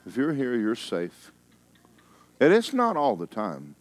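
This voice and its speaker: A male pastor delivering a sermon, telling stories in a folksy, teasing way, with emphatic stretches and hushed asides. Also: mid-range voice, wildly swooping pitch, unhurried. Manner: emphatic, storytelling preacher who drops into hushed asides.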